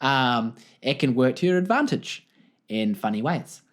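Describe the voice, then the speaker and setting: Lively jokey New Zealand man. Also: medium pitch, measured pace. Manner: jokey, rambling, laughs often. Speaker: podcast host. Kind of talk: solo podcast storytelling.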